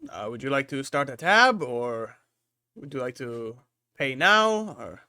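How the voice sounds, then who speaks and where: A man's voice: mid-range voice, very animated, a little slow, sharp tone, clean tone, dry recording, full character voice. A man voicing a friendly, hearty tavern barkeeper who speaks politely in a tabletop game, recorded dry and close. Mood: welcoming. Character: friendly middle-aged male tavern barkeeper.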